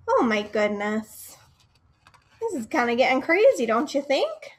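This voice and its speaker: A young woman who works as a children's librarian reads a picture book aloud, her voice sitting high and her pace measured, with frequent pauses. Expressive throughout, she speaks directly to the kids and questions them.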